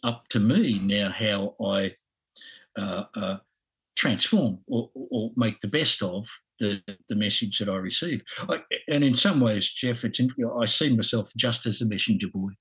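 A man in his sixties with an Australian accent, a podcast guest talking haltingly with lots of restarts and chuckles. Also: lowish voice, lively intonation, fairly bright tone, slightly rough, poor audio. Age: 60s. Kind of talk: casual interview.

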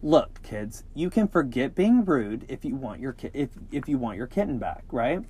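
A man's voice: medium pitch, sing-song, normal speed, mellow, breathy edge. A man reading out a guarded homeowner talking through his screen door, doubtful and stalling. It is a plain, everyday voice with only a touch of character. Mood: wary.

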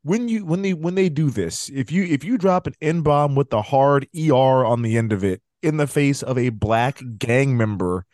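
A man co-hosting a casual podcast chat about movies, animated, laughing and swearing often. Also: medium pitch, normal speed, hardly any pauses, no room sound, clean studio sound. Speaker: podcast co-host.

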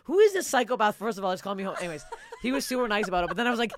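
A woman's voice: mid-range voice, racing, a little hiss or hum. A woman comedian co-hosting a podcast, telling self-mocking stories in casual chat. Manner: animated, self-mocking storyteller.

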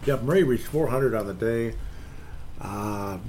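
Guy rambling about his team, fed up, mid pitch voice, faint room hum behind. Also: unhurried, darkish tone. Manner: rambling and exasperated, reading posts aloud. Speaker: sports fan commentator. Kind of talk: casual solo sports rant.

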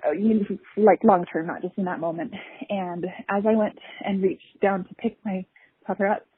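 Husky young woman on a tinny line. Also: medium pitch, fairly even intonation. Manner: halting and emotional, many pauses and fillers. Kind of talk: personal story. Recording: tinny phone-like recording.

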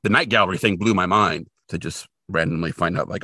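A podcast co-host with a low, pushed, bright voice talks a little fast, retelling a TV episode in casual, rambling chat full of fillers. He's from Portland, Oregon, living there since 2003, and the recording is dry and studio quality.

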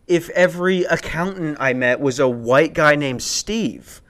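Unhurried and fairly bright, the young adult man's voice sits at a fairly high pitch as he hosts a podcast. He tells stories in a rambling, casual way, laughing and swearing often and backing up to restart his sentences.

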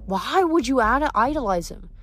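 A woman's voice: high voice, lively intonation, normal speed, a bit bright, faint music behind, pitched above the performer's own voice. A woman reading the lines of a thoughtful, earnest young female demigod in a storybook reading.

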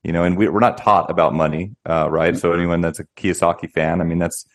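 A man speaking as an interview guest, explaining things in a steady conversational way with frequent restarts. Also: low voice, fast talker. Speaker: guest, real estate company founder.

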